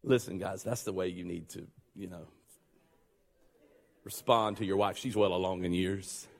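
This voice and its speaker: A male pastor preaching a sermon, joking and conversational, then building to loud, fervent passages. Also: low voice, steady tone, normal speed, vocal fry, long reverb tail.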